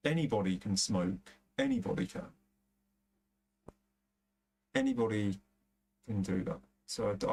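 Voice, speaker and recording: A young man with a lowish voice and a London-area accent talks casually on a game stream. He rambles, swears freely and scatters fillers through his sentences, like someone talking to his chat from a desk mic. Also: a little mellow. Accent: London area English. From England. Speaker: gaming streamer.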